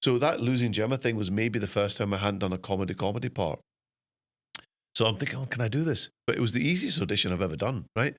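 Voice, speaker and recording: A middle-aged Scottish man, an actor guest, telling anecdotes in a self-deprecating, animated way. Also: sits low. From Scotland. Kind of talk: anecdotal storytelling.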